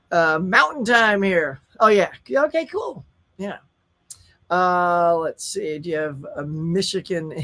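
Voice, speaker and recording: A man's voice: sits high, fairly bright tone. A middle-aged man from Colorado, hosting a casual live stream and chatting with viewers, often laughing. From Colorado, USA.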